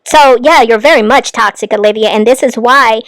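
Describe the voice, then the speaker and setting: A woman's voice: fairly high pitch, fairly quick, fairly bright tone, no room sound, poor audio. Commentary host, woman, blunt and scolding, dry close recording. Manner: blunt, scolding, addresses the subject directly. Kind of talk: reaction commentary.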